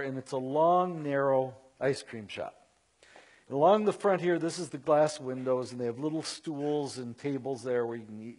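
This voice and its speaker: A middle-aged man telling a story to a live audience in an animated, conversational way with self-mocking asides. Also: a little high.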